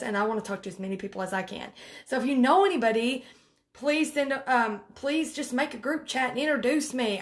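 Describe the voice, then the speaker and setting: A woman's voice: on the high side, a bit bright. Chatty, emphatic woman with a lilt. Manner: chatty and emphatic, with frequent restarts and direct commands. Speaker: direct sales team leader. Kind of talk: casual live coaching video.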